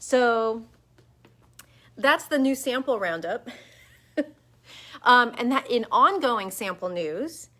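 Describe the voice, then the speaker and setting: A woman hosts a relaxed live chat from her yarn shop, talking to a webcam. She is chatty and enthusiastic, full of little fillers, and her voice has a bright, clear edge. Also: medium pitch. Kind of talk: casual live-stream chat.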